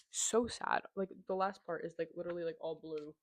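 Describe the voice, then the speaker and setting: A woman's voice: fairly low pitch, steady tone, moderate pace, few pauses, darkish tone, no echo. A woman hosting a casual book review chat, gushing and chatty with lots of "like" and "um". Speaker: book reviewer, channel host.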